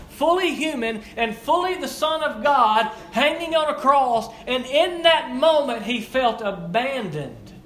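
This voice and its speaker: Young male preacher, high pitch, hushed-to-raised sermon delivery, faint room ambience. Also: reverberant, slight background noise. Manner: emphatic repetition, swings between hushed and raised delivery.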